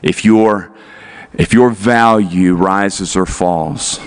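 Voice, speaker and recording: A man's voice: low-pitched, drawn-out words, clear, resonant tone. A male pastor preaching a sermon in an earnest, emphatic way, pressing his points with repeated rhetorical questions.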